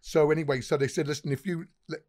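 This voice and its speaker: A man's voice: a little high, fairly even intonation, quick pace, darkish tone. A man, a pub owner, telling rambling, profane anecdotes as a podcast guest. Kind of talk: casual podcast storytelling.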